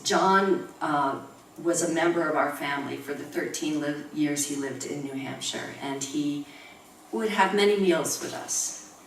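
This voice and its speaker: Brief: woman in her 60s, low voice, measured academic reader, picked up from across a roomy room. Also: a little hiss or hum. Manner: measured, reflective reading, chuckling during anecdotes. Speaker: professor giving a tribute talk. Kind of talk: reading a prepared academic talk with personal asides. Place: university lecture room. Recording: roomy room recorded from far off.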